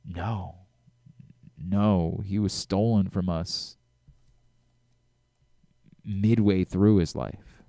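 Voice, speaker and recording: A middle-aged man hosting a sports radio talk show, talking in an animated way with frequent restarts and self-corrections. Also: low-pitched, drawn-out words, vocal fry, pauses often, no room sound, studio quality.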